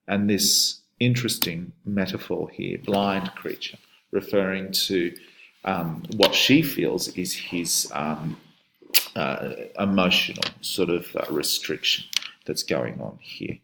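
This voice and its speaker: A man's voice: low-pitched, a little slow, vocal fry, a bit bright, a little hiss or hum. A man teaching a poem in a lecture, talking through it with many fillers and restarts. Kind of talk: poetry lecture with read-aloud passages.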